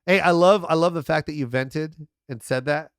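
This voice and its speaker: An animated middle-aged man chatting on a podcast, acting out every voice in his stories. His voice sits a little high for a man. The sound is close and dry, with no room around it. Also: moderate pace, smooth, no room sound. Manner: animated storyteller, acts out quotes, swears freely. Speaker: guest comedian. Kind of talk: casual podcast chat.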